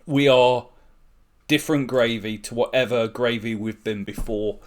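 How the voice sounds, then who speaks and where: A man hosting a let's-play, giving chatty, excitable and jokey commentary on his game. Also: mid-range voice, a little slow. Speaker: gaming channel host.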